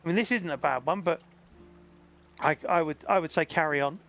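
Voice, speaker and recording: A man's voice: fairly high pitch, brisk, creaky, fairly bright tone, faint music behind. A man hosting a game stream, coaching a blind player and chatting with viewers in an encouraging, laughing way. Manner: encouraging, chatty, reads out chat, laughs often. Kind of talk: casual game stream chat. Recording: faint background noise.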